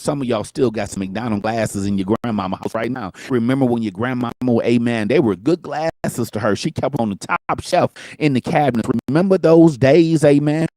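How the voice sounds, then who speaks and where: A man delivers an upbeat motivational talk in the rolling manner of a preacher, tossing in "amen" and calls to talk back. His voice sits in a middle pitch. The recording is dry and close, with no room sound. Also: dark tone, no echo. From Michigan. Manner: call-and-response, peppered with "amen" and "talk back to me". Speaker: motivational show host.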